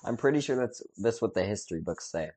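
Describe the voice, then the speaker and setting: A man on a comedy podcast delivering absurd jokes in a deadpan way. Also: lowish voice, fast, no echo. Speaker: podcast co-host. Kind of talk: casual comedic chat.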